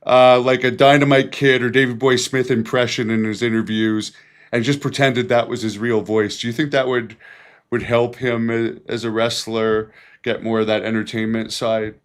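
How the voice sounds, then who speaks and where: Interview host guy, middle pitch, halting questions that wander a bit. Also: level tone, clear, resonant tone. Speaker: podcast host.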